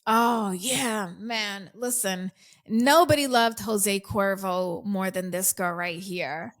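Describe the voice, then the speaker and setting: A woman's voice: medium pitch, slow. A woman guest on an interview podcast, telling her life story candidly and animatedly, acting out remembered dialogue and laughing often. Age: adult, past early twenties. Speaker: guest author and coach.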